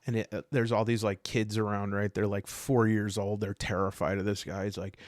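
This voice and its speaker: A man's voice: lowish voice, little pitch movement, fairly quick, hardly any pauses, dry recording, clean studio sound. A man playing a tabletop game solo, chatting casually and rambling with humorous asides.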